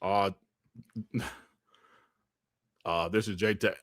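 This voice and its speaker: A man's voice: low voice, steady tone, extremely slow, pauses often, fairly bright tone, no echo. A man hosting a casual livestream chat, rambling in slang and laughing often into a close mic. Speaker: host.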